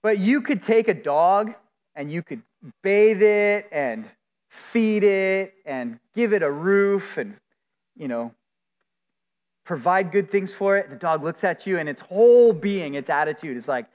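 A male pastor with a high voice delivers an earnest sermon at an unhurried pace. He leans hard on key words and drags them out. A long reverb from a church hall trails each phrase. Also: lively intonation, a little mellow. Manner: earnest, emphatic preaching with drawn-out stresses.

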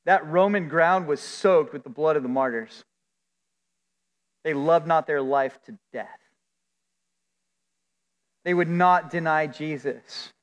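A male pastor with a high voice delivers an earnest sermon at an unhurried pace. He leans hard on key words and drags them out. A long reverb from a church hall trails each phrase. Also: highs cut off. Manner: earnest, emphatic preaching with drawn-out stresses.

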